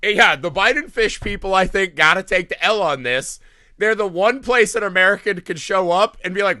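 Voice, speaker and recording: A man talks through a film's plot with plenty of swearing, popping into quick mocking voices for the characters. His voice is bright and swings widely in pitch. The sound is close and dry. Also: no echo. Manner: profane, animated retelling of scenes with quick mock voices. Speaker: podcast co-host. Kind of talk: casual movie-review chat.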